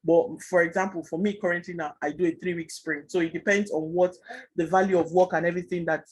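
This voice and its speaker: A man teaching a Scrum class online, explaining fast and chatty with many fillers. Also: high voice, fairly even intonation, slightly rough, low-quality recording. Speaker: Scrum trainer.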